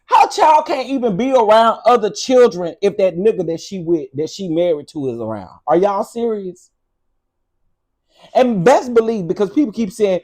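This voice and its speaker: A man's voice: sits high, animated, normal speed, a little mellow. A man hosting a video, ranting in a casual commentary style, sassy, blunt and profane, talking straight to his viewers. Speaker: vlog host.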